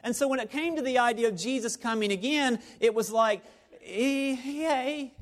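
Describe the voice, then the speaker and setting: A man with a high voice preaching a sermon to his congregation. He talks in a playful, conversational way and keeps circling back to the same phrases. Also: normal speed. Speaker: pastor. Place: church service before a live congregation.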